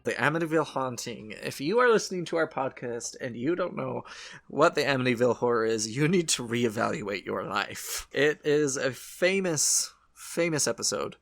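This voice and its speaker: A man's voice: mid-range voice, lively intonation, normal speed, vocal fry, fairly bright tone, soft background music. A man co-hosting a horror podcast, chatting casually and rambling, correcting his own slips. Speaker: podcast co-host.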